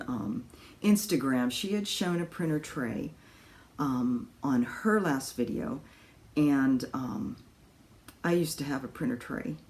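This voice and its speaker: A woman's voice: low voice, darkish tone. A woman chatting casually to camera from her apartment about her crafts, rambling with lots of ums and little laughs. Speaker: cross stitch vlogger. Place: home in an apartment.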